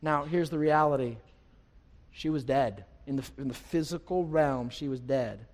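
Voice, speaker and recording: A man preaching a sermon as a pastor, conversational with light humor, swinging from quiet stretches to loud, rising passages. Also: medium pitch, normal speed. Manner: preaching with wide swings in loudness, rising to near-shouts. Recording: long hall reverb.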